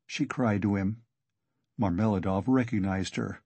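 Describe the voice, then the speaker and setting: A man narrating a classic novel as an audiobook, reading at a steady, measured pace. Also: fairly low pitch, husky, dry recording.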